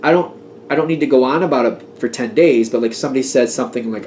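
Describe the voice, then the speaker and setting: A man in the middle of a relaxed tarot reading, talking freely. He grows emphatic and worked up about his point, then laughs it off. His voice sits at an ordinary pitch over a faint background hiss. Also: fast. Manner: chatty, emphatic, gets worked up and laughs at himself. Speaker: tarot reader. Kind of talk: casual tarot reading monologue.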